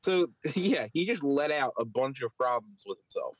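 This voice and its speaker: A man's voice: medium pitch, animated, moderate pace, no echo, low-quality recording. A man with a Philadelphia accent, a podcast co-host and stand-up comic, telling a story in casual chat and mimicking others in raised voices. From Philadelphia area.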